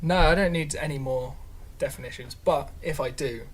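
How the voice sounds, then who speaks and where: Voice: medium pitch, normal speed, slight background noise. A podcast co-host chatting casually, rambling with lots of "like" fillers. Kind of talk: casual chat.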